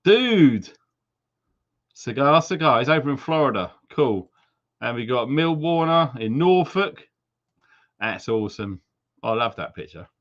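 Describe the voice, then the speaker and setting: A man's voice: mid-range voice, animated, moderate pace, fairly bright tone. A man hosting a live stream, reading out viewers' names and places in a chatty, jokey way and slipping into silly accents. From Wales. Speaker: livestream host. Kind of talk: casual live-stream shout-outs. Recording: slightly dull lo-fi stream audio.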